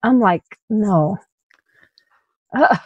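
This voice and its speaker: A woman telling her personal story as a guest in an interview, in halting bursts with many restarts, asides and small laughs. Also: medium pitch, a little mellow, dry recording, muffled recording. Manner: halting retelling with frequent restarts, "you know" and light laughs.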